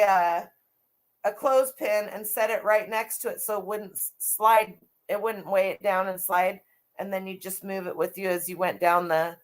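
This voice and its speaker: Middle-aged lady rambling on a live stream about vintage finds, chatty, restarts a lot, mid-pitched voice. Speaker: vintage clothing reseller hosting a live stream. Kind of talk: casual live-stream chat.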